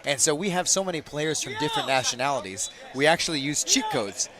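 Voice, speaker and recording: A man calling a game from a commentary booth on a booth microphone, joking with his co-host and bursting loud on big plays. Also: fairly high pitch, very animated, fast, crowd noise. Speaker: sports commentator. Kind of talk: play-by-play commentary with banter.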